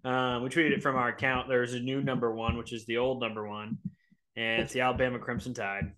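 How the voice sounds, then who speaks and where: Man, podcast host, bright clear tone, casual sports chat, jokey exasperated rants. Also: medium pitch, level tone, a little fast.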